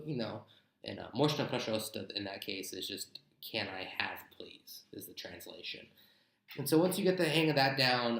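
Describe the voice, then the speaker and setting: A man's voice: fairly low pitch, a bit bright. Blunt, chatty young man in echoey room. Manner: chatty, blunt, gives tips with mock examples. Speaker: travel vlogger. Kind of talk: casual advice vlog to camera.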